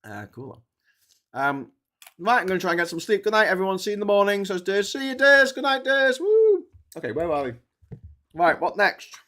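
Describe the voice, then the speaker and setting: A man's voice: high-pitched, lively intonation, fairly quick, a bit bright. Tired rambling man. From Liverpool. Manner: rambling, chatty, full of fillers. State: tired from staying awake. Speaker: livestream host. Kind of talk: casual livestream chat.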